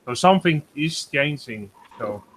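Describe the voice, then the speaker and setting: A man speaks from home over a video call, his voice bright and forceful. He pitches a touch high and stops often to search for words. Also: lively intonation, a little hiss or hum. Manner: hesitant, many uh pauses. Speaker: guest giving a weather report. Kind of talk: casual group video call. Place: home in Germany.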